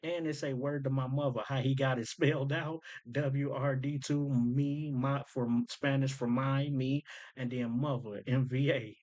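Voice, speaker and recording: A man in a relaxed commentary, talking at a middle pitch. He is eager and explanatory and keeps urging the listener to watch and notice the details. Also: unhurried, rough recording. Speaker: host breaking down rap lyrics. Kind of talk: casual commentary.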